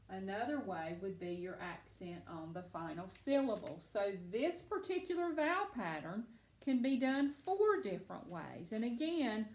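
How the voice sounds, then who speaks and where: A woman's voice: mid-range voice, roomy sound. A woman teacher giving a phonics lesson to children, patient and encouraging as she walks them through each step.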